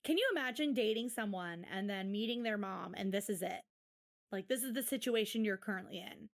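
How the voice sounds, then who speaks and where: A woman's voice: mid-range voice, brisk, gravelly. A woman co-hosting a podcast, recapping a reality show in casual chat with exasperated sarcasm. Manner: sarcastic, exasperated, quotes people in put-on voices. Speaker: podcast co-host.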